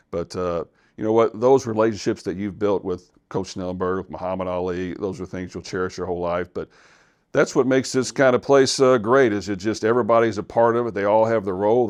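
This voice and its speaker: A man's voice: sits low, darkish tone. A man from Louisville who is a head football coach, talking earnestly and reflectively in a podcast interview. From Louisville, Kentucky.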